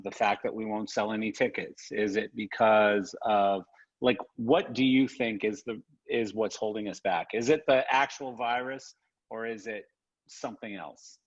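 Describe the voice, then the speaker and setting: A man asking questions and pushing back on a casual group call, clearing his throat often. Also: lowish voice. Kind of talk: casual chat. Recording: dull lo-fi call audio.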